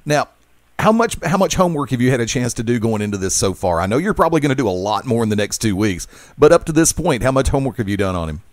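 Male radio host, mid-range voice, dry close sound, smooth announcer delivery. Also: medium pitch, sing-song, fast, no echo. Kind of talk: radio interview and event promo.

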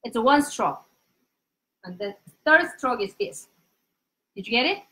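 Woman, Korean accent, high voice, animated language teacher, casual live lesson, repeats words for pronunciation. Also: unhurried. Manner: animated, drills pronunciation with repetition.

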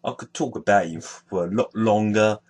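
A man hosting his own video, calmly showing a completed sticker album and listing players one by one. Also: on the low side, slightly rough. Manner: unhurried, listing names one by one. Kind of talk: casual show-and-tell narration.

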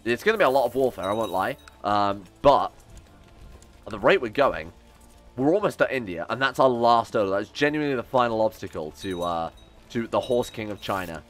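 Brief: young man, lowish voice, casual sarcastic game commentary with swearing, faint music underneath. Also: lively intonation, brisk. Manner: chatty, sarcastic, swears, talks back to game characters. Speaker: gaming YouTuber.

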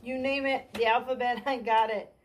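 A woman's voice: fairly high pitch, fairly even intonation, moderate pace, slight background noise. A woman doing a stand-up comedy monologue. She rambles, pokes fun at herself, and keeps trailing off and restarting. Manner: scattered, self-deprecating, trailing off and restarting. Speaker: stand-up comic.

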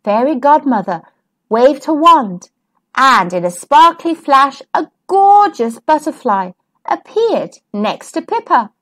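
This is children's read-aloud narration from a woman acting as storytime host. She's gentle and expressive, never rushing, and her high pitch rises and falls animatedly over a wide span.

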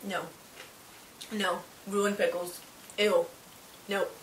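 A woman's voice: medium pitch, little pitch movement, drawn-out words. A young woman trying foods in a casual chat, blunt and squeamish about what she dislikes. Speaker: co-host. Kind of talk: casual taste-test chat. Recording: echoey, distant, noisy room.

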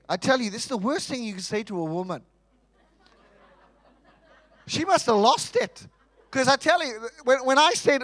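A man with a fairly high voice delivers a lively, humorous sermon, calling out to the congregation for responses. His voice sits close to the mic and sounds dry, with little room sound around it. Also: measured pace, pauses often, no room sound, poor audio. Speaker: preacher. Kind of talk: Easter sermon.

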